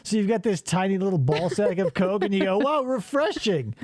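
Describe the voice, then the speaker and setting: A man's voice: high-pitched, fast, no room sound. A man hosting a casual podcast, riffing crudely and animatedly on old commercials. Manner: crude, joking, animated storytelling. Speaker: podcast host.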